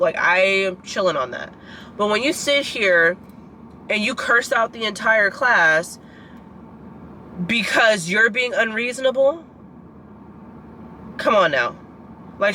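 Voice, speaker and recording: A woman's voice: mid-range voice, bright, forceful tone, a little hiss or hum, poor audio. A 22-year-old woman in a casual vlog, ranting in frustration straight to her viewers and leaning on lots of "like" and "girl". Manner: filler-heavy, keeps saying "like" and "girl". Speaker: vlogger and student.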